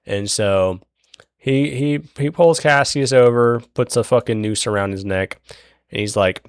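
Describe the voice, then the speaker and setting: A channel host recaps a book casually while drawing, rambling and swearing with lots of fillers and restarts, and acts out characters' lines. His voice is fairly low and moderately paced, with clean studio quality and no room sound.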